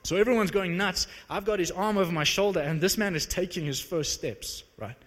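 A man preaching to a live audience, telling a story in an animated, conversational, self-mocking way. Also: high-pitched, fairly quick. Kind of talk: sermon storytelling. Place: large hall with live audience. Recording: long reverb of a large hall.

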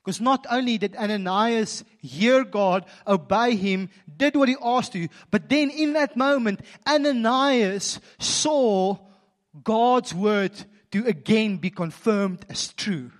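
A man preaching a sermon, telling stories animatedly and swinging from quiet, intimate moments to emphatic passages. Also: high voice, slow. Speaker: pastor.

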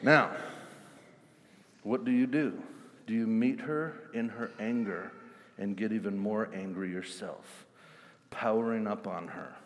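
A man's voice: on the low side, a little slow, long pauses. A male pastor preaching a sermon with intensity, animatedly acting out everyday scenes. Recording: long hall reverb.

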